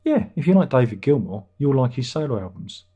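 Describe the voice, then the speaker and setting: A man's voice: medium pitch, big pitch swings, fairly quick, warm tone, breathy edge. A middle-aged British man hosting a livestream, casually answering viewer chat with dry jokes and chuckles. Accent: British English. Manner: chatty, dry jokey asides, chuckles. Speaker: livestream host reading chat.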